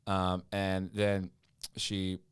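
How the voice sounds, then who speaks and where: Um homem jovem, convidado de podcast, contando uma história comprida e cheia de recomeços num papo descontraído. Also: male voice, deep voice, monotone, drawn-out words, smooth, no room sound. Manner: rambling storyteller acting out quotes. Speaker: podcast guest. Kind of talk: casual podcast chat.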